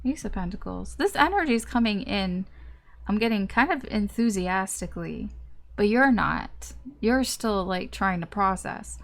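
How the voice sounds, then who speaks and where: A woman's voice: mid-range voice, lively intonation, normal speed, gravelly. A young woman giving a casual tarot reading, chatty and full of fillers, acting out little reactions as she goes. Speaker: tarot reader.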